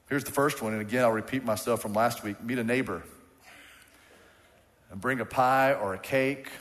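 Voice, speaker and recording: A man delivers a sermon from the pulpit, pressing his points through repetition and calls for the congregation to answer. His mid-pitched voice carries a long reverb through the sanctuary. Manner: call-and-response preaching, emphatic repetition. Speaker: pastor. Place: church sanctuary. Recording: church hall with long reverb.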